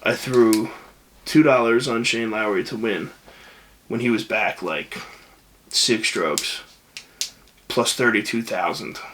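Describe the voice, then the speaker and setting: A man's voice: lowish voice, slow, long pauses, a bit bright, slight background noise. A man co-hosting a podcast, trading crude jokes in casual chat. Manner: joking, crude banter. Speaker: podcast co-host.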